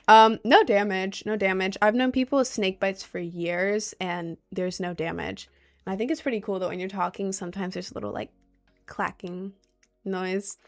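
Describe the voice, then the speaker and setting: With a mid-range voice, the young American streamer keeps up a casual chat, reading comments from viewers and rambling through anecdotes packed with fillers and sudden lively outbursts. Her desk mic picks her up, at times from very close.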